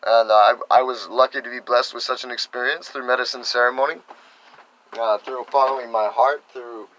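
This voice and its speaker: Bright-voiced man giving a spiritual talk. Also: medium pitch, fairly even intonation, poor audio. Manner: unhurried, earnest, with frequent fillers. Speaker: spiritual teacher.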